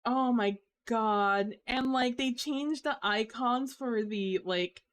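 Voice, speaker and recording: A woman streamer chatting casually to her audience, complaining dramatically with drawn-out groans and exasperated sighs. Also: on the high side, clear, resonant tone. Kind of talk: casual live-stream chat.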